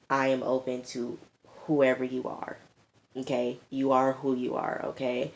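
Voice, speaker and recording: A woman's voice: rumbling low, gravelly. Chatty woman recapping a TV episode. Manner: animated and chatty, tags points with an emphatic "okay?". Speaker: TV reviewer. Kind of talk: casual recap of a reality show.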